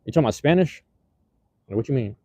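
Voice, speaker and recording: Live from the street on his handheld phone, a man chats loosely with viewers in a rambling, slang-filled way, often using fillers and restarting. His medium-pitched voice is expressive, warm, and slightly rough, and he talks at a quick pace.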